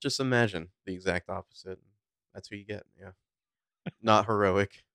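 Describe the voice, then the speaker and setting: Casting: man, very low smooth voice, dry close mic, chatty film critic. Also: moderate pace, a bit bright, no room sound. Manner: rambling, filler-heavy, opinionated. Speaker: podcast co-host. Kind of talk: casual movie review chat.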